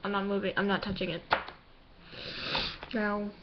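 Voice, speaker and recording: A woman's voice: medium pitch, level tone, normal speed. A young woman chatting casually through a makeup tutorial, teasing herself as she works, recorded on a laptop microphone at home. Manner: chatty, self-deprecating, talks while doing makeup. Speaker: beauty vlogger. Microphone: laptop camera mic. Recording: dull lo-fi laptop recording with clear noise.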